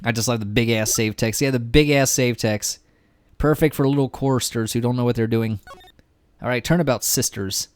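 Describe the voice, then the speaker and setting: A man's voice: mid-range voice, fairly even intonation, moderate pace, clear, resonant tone. Joking, foul-mouthed man streamer. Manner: joking, profane, rambling. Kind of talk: casual game commentary.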